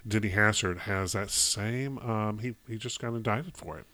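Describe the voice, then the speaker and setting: A man from Chicago co-hosting a casual movie review chat, rambling and halting with many fillers. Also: on the low side, bright, forceful tone, no echo. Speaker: podcast co-host.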